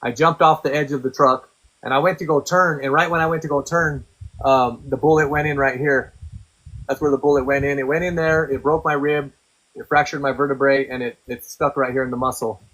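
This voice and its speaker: A man's voice: medium pitch, fairly even intonation, brisk, fairly bright tone, rough recording. A man guest on a podcast, bluntly and profanely recounting a personal story in casual conversation.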